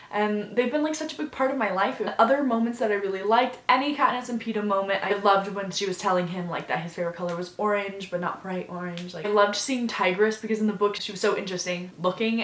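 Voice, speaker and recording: A woman's voice: medium pitch, fairly bright tone, echoey room. A woman vlogger giving a casual, effusive review, gushing and filling her talk with fillers.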